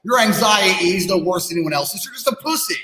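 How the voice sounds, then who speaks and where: This podcast guest speaks in a high, sharp voice at a quick, animated clip, ranting and swearing as he lectures the audience. The space has long, echoing reverb, and a slight hiss or hum sits underneath.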